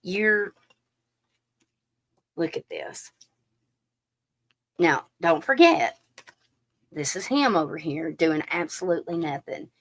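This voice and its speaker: Slow-spoken woman reading tarot. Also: lowish voice. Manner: chatty, animated, addresses viewers directly with fillers. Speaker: tarot reader. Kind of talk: live-stream tarot reading.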